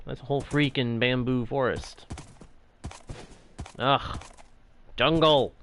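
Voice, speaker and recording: A man's voice: mid-range voice, steady tone, slow, long pauses, fairly bright tone, slight background noise. A man casually commenting on his own game as he plays, playful and jokily grumbling to himself. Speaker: gaming channel host.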